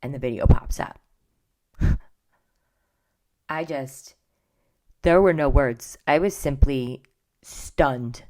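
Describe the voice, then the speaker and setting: A woman's voice: very deep voice, slow, pauses often, a little mellow. A middle-aged woman hosting a podcast, chatting casually and gossipily, often dropping into whispered asides. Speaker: podcast host. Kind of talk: casual pop culture chat.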